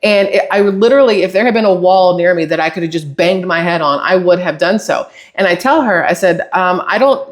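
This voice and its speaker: Exasperated woman telling a story. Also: lowish voice. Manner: animated, exasperated retelling with acted-out quotes. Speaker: channel host. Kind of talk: casual storytime monologue.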